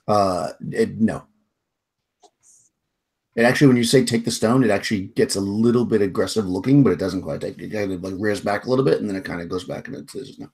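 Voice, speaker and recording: A man narrating as game master of a tabletop game, describing in a halting, hedging way with frequent restarts. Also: fairly low pitch, a little mellow, husky.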